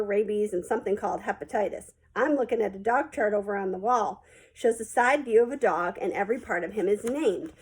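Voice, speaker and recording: Breathy woman reading a story. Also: mid-range voice, low-quality recording. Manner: plain, folksy storytelling. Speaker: audiobook reader. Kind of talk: first-person storybook narration.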